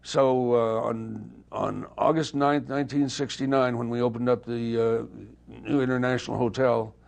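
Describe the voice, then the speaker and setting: An older man telling anecdotes in a casual interview, lively and acting out the dialogue he remembers. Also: mid-range voice, normal speed, creaky. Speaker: interview guest, former touring guitarist.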